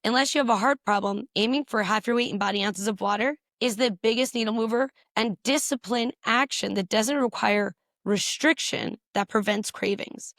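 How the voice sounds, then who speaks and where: A woman physician answering interview questions and explaining health tips briskly, repeating points for emphasis. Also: on the high side, gravelly, a bit bright, no echo, studio quality. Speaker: physician guest.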